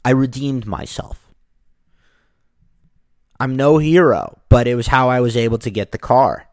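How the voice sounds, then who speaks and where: A man casually telling a personal story, lively, acting out the people in it. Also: mid-range voice, measured pace, no room sound. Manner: animated, acts out the people in his story.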